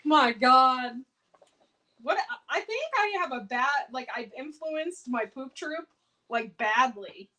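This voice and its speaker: A woman's voice: high-pitched, lively intonation, takes it slowly, pushed and bright, poor audio. Chatty woman hosting a cooking livestream. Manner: chatty, laughs often, reacts to viewer comments. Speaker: home canning livestream host. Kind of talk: casual livestream chat.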